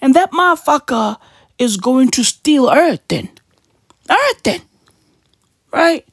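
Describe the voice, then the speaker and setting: A woman's voice: sits high, lively intonation, a little slow, no echo, clean studio sound. A woman ranting in a profane, mocking and indignant monologue, constantly asking her listeners "right?". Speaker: commentator.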